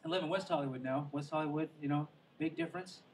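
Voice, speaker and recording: A man with a high voice performs a stand-up set at an outdoor show by the water. He rambles and pokes fun at himself, trailing off into asides. The recording picks him up from a distance, with a faint wash of noise behind him. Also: fast. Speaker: stand-up comedian.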